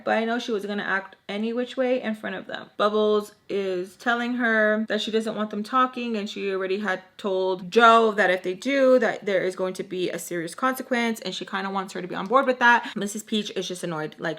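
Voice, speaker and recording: A woman's voice: medium pitch, moderate pace. A young woman telling a personal story in casual vlog style, acting out the quotes of the people in it. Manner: animated, acts out quotes with many "like" fillers. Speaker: storytime vlogger.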